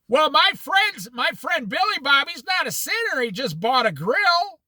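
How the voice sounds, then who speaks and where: A man teaching a casual Bible study, animated and folksy, laughing at his own stories. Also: very high-pitched, normal speed, hardly any pauses, no room sound.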